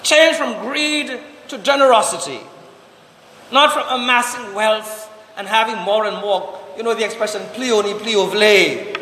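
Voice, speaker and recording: High bright-voiced man preaching in an echoey hall. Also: slight background noise. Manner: repeats rhetorical questions and slow emphatic commands. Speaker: priest. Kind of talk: sermon.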